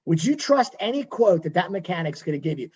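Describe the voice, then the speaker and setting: A man's voice: sits high, big pitch swings, fairly quick, a little mellow, muffled recording, a little hiss or hum. A man working as a mortgage lender, speaking at a workshop over a video call in a conversational, digressive way and repeating himself.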